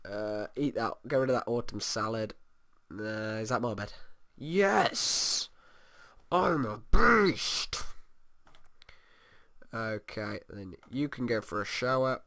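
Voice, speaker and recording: A man's voice: fairly low pitch, fairly even intonation, normal speed, fairly bright tone, no echo, studio quality. A man giving casual let's play commentary, rambling and humming to himself as he plays. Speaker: gamer.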